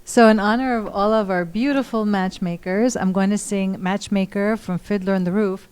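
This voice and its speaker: Smooth-voiced woman co-host. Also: mid-range voice, steady tone, moderate pace. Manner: warm and personal, sharing a family story. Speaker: co-host and singer. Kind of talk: casual chat.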